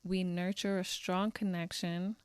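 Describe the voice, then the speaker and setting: A woman's voice: on the low side, flat delivery, unhurried, clear, resonant tone, dry recording. A woman co-hosting a parenting podcast, upbeat and earnest as she sums up takeaways for listeners. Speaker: podcast co-host. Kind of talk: casual podcast chat and recap.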